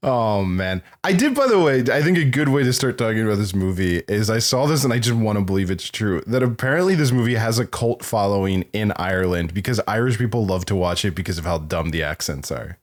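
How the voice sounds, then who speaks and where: A man's voice: on the low side, lively intonation, brisk, hardly any pauses. A man hosting a movie podcast, chatting casually and joking, with frequent restarts. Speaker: podcast host. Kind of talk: casual chat.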